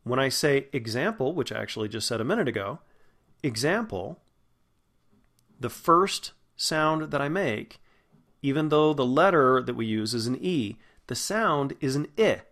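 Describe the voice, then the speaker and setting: A man explains English vowel sounds in the steady, patient way of a diction teacher. His pitch sits in an ordinary middle range. He slows down and draws out sounds to demonstrate them. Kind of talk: spoken vowel lesson.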